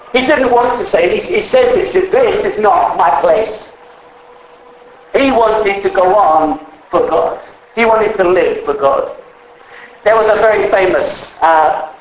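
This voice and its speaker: A man's voice: high voice, reverberant, slight background noise, poor audio. A man preaching a sermon in a church, exhorting his congregation with repeated rhetorical emphasis.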